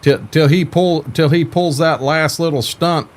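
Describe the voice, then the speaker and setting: A man's voice: fairly high pitch, a little slow, a little hiss or hum. An older man chatting casually on a live stream about farming games, laid-back and folksy, often stumbling and repeating words.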